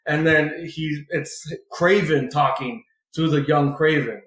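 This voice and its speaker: A man's voice: fairly high pitch, steady tone, a little slow, a bit bright. A man co-hosting a podcast, recapping a comic in a rambling, filler-heavy way and swearing freely. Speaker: podcast co-host. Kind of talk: casual comic book recap. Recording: roomy echoey room.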